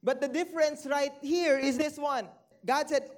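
A preacher giving a sermon that mixes scripture reading with direct questions to the congregation, slowing down to stretch key phrases, dropping low and quiet on sad points and lifting on excited ones.

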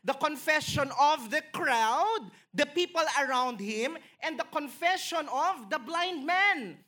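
A woman with a Filipino accent preaching a sermon in church, building to emphatic, excited peaks. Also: takes it slowly. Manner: animated, rising to emphatic highs, mixing in Tagalog phrases.

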